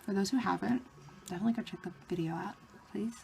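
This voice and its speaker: A woman vlogger telling a story in a casual, excited way, with lots of "like" fillers. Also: mid-range voice, fast talker, gravelly, a little hiss or hum. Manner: excited retelling of a fan encounter, many "like" fillers.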